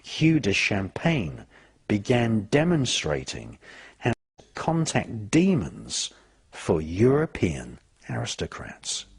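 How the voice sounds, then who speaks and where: A man giving scripted documentary narration in a measured, deliberate way, his phrases falling at their ends. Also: on the low side, huge pitch swings. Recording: voice-over with clear background music.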